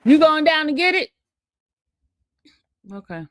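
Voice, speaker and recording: A woman's voice: high voice, very animated, takes it slowly, a bit bright, dry recording, studio quality. A woman hosting a casual livestream, reading chat comments aloud and taunting a commenter. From New York. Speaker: livestream host.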